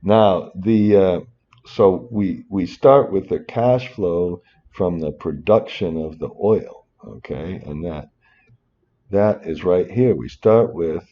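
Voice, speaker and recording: A man's voice: deep voice, takes it slowly, highs cut off. A man teaching finance over a spreadsheet in a rambling way, breaking off into muttered asides and apologies. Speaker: finance instructor. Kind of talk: screen-recorded spreadsheet tutorial.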